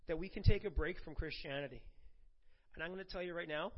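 A middle-aged man preaching a sermon to his congregation, swinging from quiet asides to loud emphatic bursts and joking with the room. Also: on the high side, fast talker, highs cut off. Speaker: pastor.

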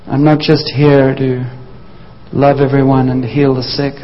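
A man preaching a sermon, telling the story vividly and briefly acting out the voices of the people in it. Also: medium pitch. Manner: storytelling, acts out voices of disciples. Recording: dull sound, long hall reverb.

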